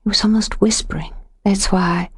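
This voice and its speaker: A woman voicing a jumpy young woman with a tense, high voice in an audiobook reading. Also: steady tone, moderate pace, slightly rough. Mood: panicked.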